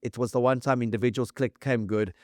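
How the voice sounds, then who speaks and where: A man's voice: medium pitch, fairly even intonation, a little fast, darkish tone, dry recording, clean studio sound. A South African man co-hosting a rugby podcast, talking casually and enthusiastically, piling up match stats with frequent restarts. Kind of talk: casual sports chat.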